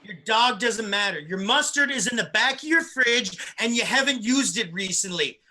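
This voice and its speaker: A man's voice: sits high, lively intonation, moderate pace, pushed and bright, exaggerated voice. A man playing a blunt, pushy man obsessed with mustard who scolds people. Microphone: video call.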